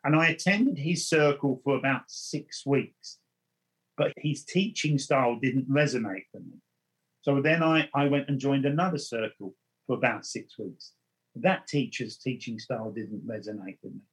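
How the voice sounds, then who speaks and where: Husky man telling his story. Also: medium pitch, moderate pace, rough recording. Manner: earnest, repeats and restarts words. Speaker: spiritual medium. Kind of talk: storytelling in conversation.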